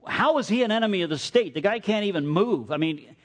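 Dude doing a shrugging roman captain, kinda baffled and casual, voice pushed up high. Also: male voice, animated, brisk. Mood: incredulous. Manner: incredulous, casual. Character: bemused male Roman soldier, offhand.

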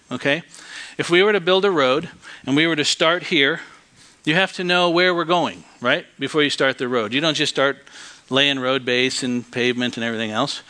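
A man preaching a sermon, telling a story and swinging from hushed tones to loud outbursts. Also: a little high.

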